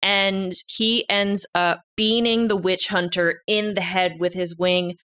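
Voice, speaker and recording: Unhurried young woman running a tabletop game, easy storyteller. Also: on the low side, smooth. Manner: relaxed, laughing storyteller. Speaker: game master.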